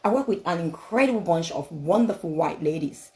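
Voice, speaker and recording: A woman's voice: on the low side, lively intonation, fairly quick, dark tone, poor audio. A woman speaking English as a second language, giving a motivational talk laced with scripture, emphatic and repetitive, full of rhetorical questions. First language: not English.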